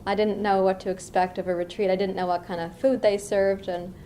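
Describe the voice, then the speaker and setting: Unhurried middle-aged woman meditation teacher. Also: medium pitch, slight background noise. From US East Coast. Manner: reflective, unhurried, with lively asides. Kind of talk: dharma talk.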